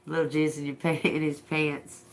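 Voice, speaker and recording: A woman's voice: deep voice, level tone, normal speed. A woman doing a live-streamed tarot reading, talking bluntly and profanely with folksy slang and frequent laughter. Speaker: tarot reader.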